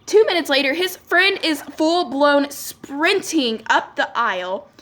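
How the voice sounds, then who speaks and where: A woman's voice: high-pitched, animated, measured pace, a bit bright. Chatty young woman telling a story. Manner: chatty, lots of "like" fillers, quoting people in dialogue. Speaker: beauty vlogger. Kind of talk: casual storytime while doing makeup.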